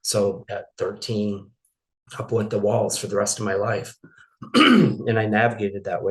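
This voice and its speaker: A middle-aged man from Maine telling a painful personal story as an interview guest, halting and emotional, with many restarts. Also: on the low side, animated.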